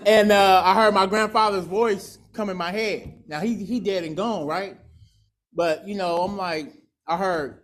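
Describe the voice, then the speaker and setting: A man's voice: sits high, fairly even intonation, a little slow. A man tells his recovery story to a meeting. He talks candidly and swears freely. He acts out the people in his story as he goes. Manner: candid, profane, storytelling with laughs and acted quotes. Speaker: alumni speaker sharing recovery story. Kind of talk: personal testimony at a recovery meeting.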